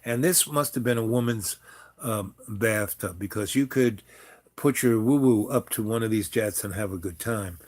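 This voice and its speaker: A man's voice: fairly low pitch, moderate pace, a little mellow. A man telling a personal story in a casual, rambling way, frank and loose, with lots of asides. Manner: rambling and frank, many fillers and restarts.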